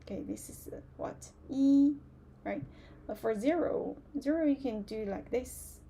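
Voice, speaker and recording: A woman teaching a live online beginner Chinese class, speaking slowly and patiently and repeating words for learners to copy. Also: sits high, dark tone, slight background noise.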